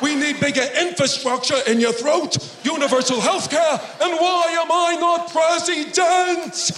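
A man's voice: very high voice, steady tone, a little slow, fairly bright tone, a little hiss or hum, voice pushed up. A man doing a ranting old politician brain. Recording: echoey stage room with audience.

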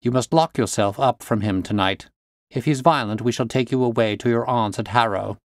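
A man voicing a brisk, sharp-minded gentleman detective, crisp and commanding in manner. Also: mid-range voice, no room sound, studio quality, close to an everyday voice.

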